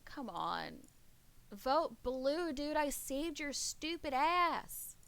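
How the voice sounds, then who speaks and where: A woman streaming a game, chatting casually with her viewers, brash and quick to swear. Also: sits high, big pitch swings, creaky, fairly bright tone. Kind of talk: casual gaming stream chat.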